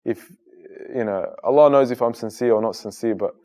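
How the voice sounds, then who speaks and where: A man's voice: medium pitch, fairly quick. Earnest man telling his story. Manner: earnest, animated when retelling dialogue. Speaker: guest, Muslim content creator. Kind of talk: reflective interview storytelling.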